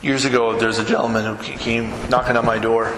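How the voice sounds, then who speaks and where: In a church sanctuary, a male pastor preaches a sermon, telling stories and acting out the quotes. His mid-range voice is brisk and a bit bright with little pitch movement, and the echoey hall carries ambient noise.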